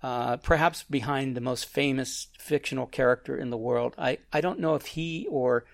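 A man's voice: mid-range voice, moderate pace, vocal fry. A man hosting a casual film chat, rambling and restarting his sentences. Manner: rambling, self-interrupting.

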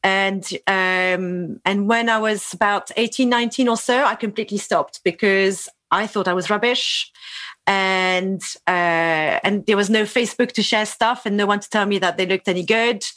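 A woman's voice: medium pitch, moderate pace, a bit bright, no room sound. Chatty woman in her forties, from France. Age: 40s. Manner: chatty, laughs often, restarts sentences. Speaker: podcast guest. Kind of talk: casual conversation.

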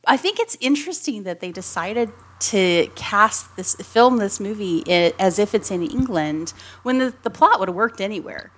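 A woman talking about an old film in a loose, chatty way. Her voice sits at an ordinary middle pitch, and she giggles often and wanders through restarts as she builds her points. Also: animated, moderate pace. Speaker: podcast co-host. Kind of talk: casual film discussion.

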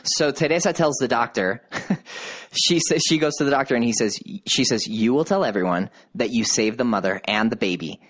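Animated man recapping a drama. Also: normal speed. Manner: animated storyteller, voices quotes with rising pitch. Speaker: podcast co-host. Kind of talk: casual chat, recapping a TV drama.

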